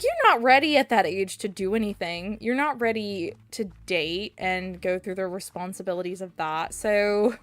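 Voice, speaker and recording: A young woman streaming a video game, chatting casually and rambling, with sudden squeals at the game. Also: medium pitch. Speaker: VTuber streamer. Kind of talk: casual gameplay chat.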